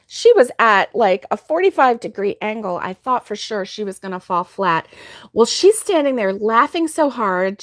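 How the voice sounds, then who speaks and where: A woman's voice: fairly high pitch, no room sound, studio quality. A woman hosting a crochet livestream, telling a story in casual chat and laughing often.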